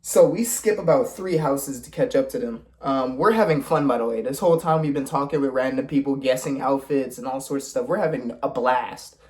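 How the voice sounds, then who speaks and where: A man's voice: medium pitch, fairly quick, hardly any pauses, a little mellow. Young guy yapping a storytime, slangy and swearing, acts out everyone he talks about. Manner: voices the people in his story. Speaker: vlogger. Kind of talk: casual storytime vlog.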